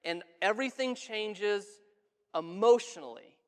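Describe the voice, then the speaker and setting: A male pastor preaches an earnest, conversational sermon in a voice fairly high for a man, at a measured pace with a clean tone. Quoted words come out soft and hushed, and the church sanctuary adds a long reverb.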